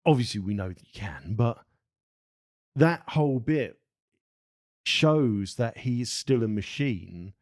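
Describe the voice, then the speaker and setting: A man co-hosting a film podcast in an average-pitched voice. He argues his points emphatically, cursing and restarting his sentences. The sound is dry and close. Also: lively intonation, slow pace, pauses often, no echo. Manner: emphatic, swears, hesitant restarts. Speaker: podcast co-host. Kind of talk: casual film discussion.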